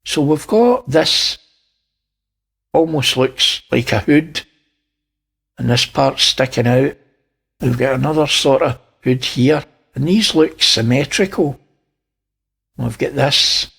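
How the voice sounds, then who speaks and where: A man's voice: mid-range voice, lively intonation, slow pace, gravelly, pauses often, a bit bright, husky. A man with a Scottish accent, talking viewers through images and pointing out details, with wry asides. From Scotland. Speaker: channel host. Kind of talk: narrating image analysis.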